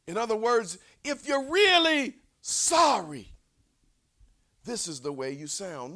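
A man preaching a sermon, conversational, repeating words for emphasis, dropping to whispers and rising to shouts. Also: sits high, very animated, takes it slowly.

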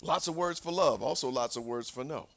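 A male preacher delivering a sermon, swinging from shouts to near whispers and calling out for responses from the congregation. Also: mid-range voice, fairly quick.

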